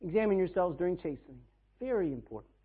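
A man's voice: high voice, animated, quick pace, breathy edge, narrow, tinny audio. A man preaching a sermon as pastor, emphatic, asking the congregation questions and pushing for answers.

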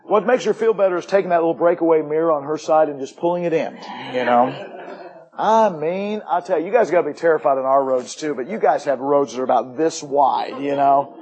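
A middle-aged man preaching to a congregation, his voice slightly raised in pitch and husky at the edges. He talks in a folksy way, swinging from lively humor down to quiet, earnest moments. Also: brisk, muffled recording. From United States. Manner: folksy, swings from upbeat jokes to hushed intensity. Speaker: missionary pastor. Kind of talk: sermon with personal stories.

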